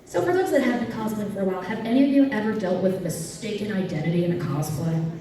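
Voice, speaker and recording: A woman's voice: medium pitch, fast talker. Woman, comic storyteller, far from the mic, echoey room, audience noise. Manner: animated, acts out her own reactions in silly voices. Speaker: comedy panel host. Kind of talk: live stand-up storytelling at a convention panel. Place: convention panel room with audience. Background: audience chatter and laughter.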